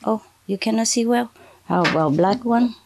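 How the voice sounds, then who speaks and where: A woman spiritual teacher addressing an audience under bright spotlights, speaking in halting, broken English with frequent "okay" and "huh". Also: fairly high pitch, creaky, background noise. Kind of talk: addressing an audience from a prepared reading.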